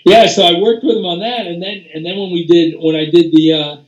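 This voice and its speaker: Telling loose anecdotes as a guest in an interview, an older music producer rambles, restarting, using fillers and cursing. He talks fairly quickly with a high-sitting voice and steady tone, recorded with roomy echo.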